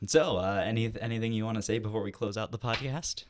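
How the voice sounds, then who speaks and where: A man's voice: on the low side, fast talker. A young man co-hosting a casual history podcast, joking and laughing as he chats. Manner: laughing, playful banter. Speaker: podcast co-host. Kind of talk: casual chat.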